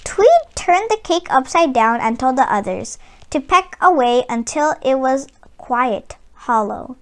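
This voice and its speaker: Woman, children's book read-aloud, high lively voice, unhurried. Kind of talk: read-aloud storytelling for kids.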